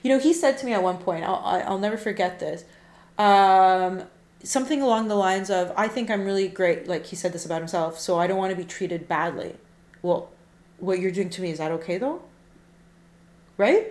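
Her mid-range voice moves at an ordinary pace and echoes with reverb. As co-host of an easygoing chat show, she tells an animated dating tale, dramatizing each text message she was sent.

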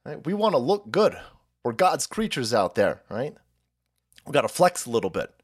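A man hosting a political live stream, ranting in profane, mocking commentary that swings between shouts and low mutters. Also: big pitch swings, normal speed, slightly rough.

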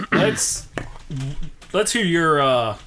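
A man's voice: fairly high pitch, very animated, drawn-out words, pushed and bright, a little hiss or hum. A man co-hosting a casual podcast, leading the talk with teasing questions. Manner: teasing, leads the discussion. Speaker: podcast co-host. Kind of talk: casual chat.

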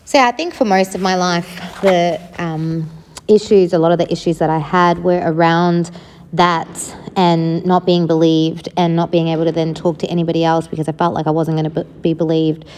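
A woman's voice: lowish voice, level tone, normal speed, darkish tone, in a large hall, slight background noise. A woman telling her own life story in a frank, casual way, swearing freely and often saying "like". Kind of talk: candid personal storytelling.

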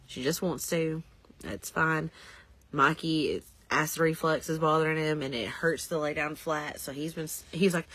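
A woman in her thirties with a Southern US accent, telling a lively story in casual podcast chat and laughing often. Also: sits low, normal speed, slightly rough. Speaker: podcast co-host.

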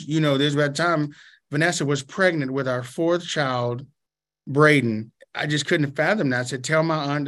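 A man, a pastor, telling a personal story as an interview guest, animated and shifting into preacher-like exhortation. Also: mid-range voice.

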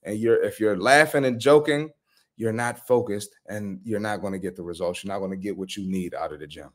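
A man's voice: lowish voice, fairly quick. A man, a personal trainer, hosting a live reaction stream with blunt, profane, slangy commentary.

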